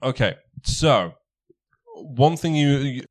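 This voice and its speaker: A man narrating as game master, halting and reading rules out slowly. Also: medium pitch, animated.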